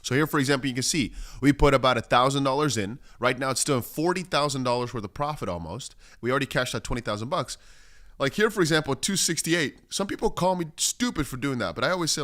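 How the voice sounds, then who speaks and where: A man's voice: mid-range voice, expressive, fast, a bit bright. A man hosting a casual crypto livestream, rambling through chart commentary and reading viewer comments aloud. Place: home studio in Dubai.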